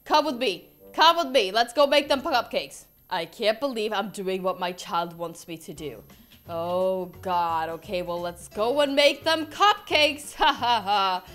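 A woman's voice: mid-range voice, measured pace, a bit bright. A woman playing a fed-up mom in a game role-play, talking in a dramatic, exasperated way and often repeating herself. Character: fed-up mom turned into a monster. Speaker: gaming YouTuber.

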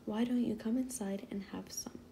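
Gentle welcoming storybook mom read by a woman, hushed, mellow gravelly voice. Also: mid-range voice, fairly even intonation, moderate pace, a little hiss or hum, lightly acted.

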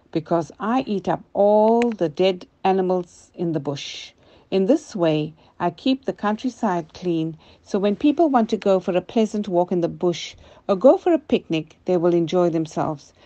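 A woman's voice: fairly low pitch, expressive, normal speed, dark tone, no room sound, lo-fi sound, close to an everyday voice. A grandmother doing a boastful crow. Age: older.

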